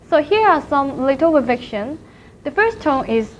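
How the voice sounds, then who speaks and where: A woman teaching a language class in a recorded lecture, speaking slowly and carefully and repeating each syllable to demonstrate it. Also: high-pitched, big pitch swings. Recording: dull lo-fi recording with faint noise.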